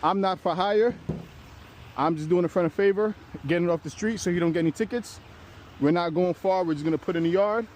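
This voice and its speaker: A man hosting a casual towing vlog, talking his viewers through the job as he works, relaxed and swearing now and then. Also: high-pitched, fairly quick. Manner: laid-back, talks to camera while working, swears casually. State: out of breath. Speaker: channel host towing a car. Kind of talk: casual narrated tow vlog. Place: outdoors on a street and inside a pickup truck. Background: faint street and vehicle noise.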